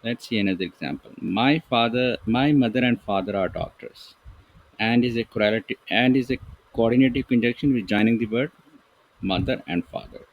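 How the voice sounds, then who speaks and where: A man teaching an English grammar lesson, reading example sentences slowly and deliberately while writing with a pen. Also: mid-range voice, narrow, tinny audio.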